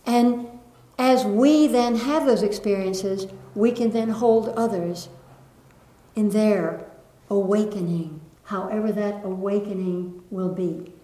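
Woman, spiritual teacher, gentle lilting delivery, live audience, roomy echo. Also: mid-range voice, takes it slowly. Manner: gentle, lilting, with soft laughs. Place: room with an audience. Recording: echoey room.

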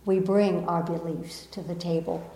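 A woman's voice: on the low side, steady tone, moderate pace, warm tone. A middle-aged woman with a Southern American accent, a spiritual teacher giving an earnest, reflective talk to an audience with playful asides. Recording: echoey room.

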